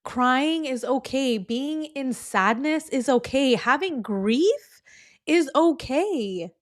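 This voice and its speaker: A woman co-hosting a podcast, gently reassuring her friend in a casual chat. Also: high-pitched, lively intonation, slow. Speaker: podcast co-host.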